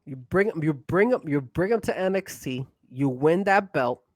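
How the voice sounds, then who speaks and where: Man, podcast co-host, excitable, pushy, fairly high voice, dry close sound. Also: moderate pace, no room sound. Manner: excitable, pushy, raises voice when hyped. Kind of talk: casual wrestling podcast chat.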